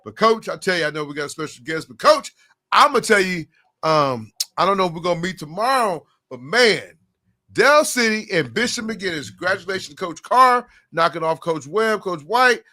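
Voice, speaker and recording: Animated high-voiced man talking hoops. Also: moderate pace. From Oklahoma, US. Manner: animated, rambling, calls co-host Coach. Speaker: podcast host. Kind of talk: casual sports talk.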